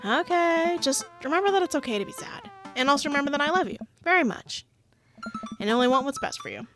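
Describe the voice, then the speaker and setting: A woman voicing a goofy, doting father in a game, earnest and gently fussing. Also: sits high, animated, quick pace, soft background music, pitched above the performer's own voice. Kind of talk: reading game dialogue aloud.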